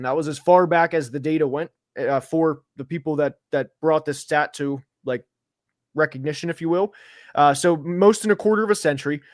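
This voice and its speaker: A man with a somewhat high voice hosts a casual football talk stream. He rambles with fillers, restarts his sentences, and gets heated when a point frustrates him. The sound is close and dry, with no room around it. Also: dry recording. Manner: animated, gets worked up, filler-heavy. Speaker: host of a football preview show. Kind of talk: casual sports chat. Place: home studio, seated.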